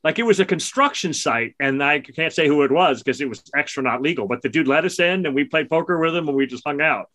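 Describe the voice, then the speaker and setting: Joking middle-aged man, slightly high voice. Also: fast, hardly any pauses. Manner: joking storyteller, animated asides. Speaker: podcast co-host. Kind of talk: casual chat.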